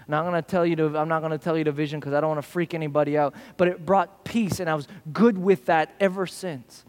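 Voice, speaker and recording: A man's voice: fairly high pitch, steady tone, fast. A man preaching a sermon, telling stories and acting out the voices of the people in them. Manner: storytelling, acts out quoted voices. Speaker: pastor. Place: church service hall. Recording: church hall reverb.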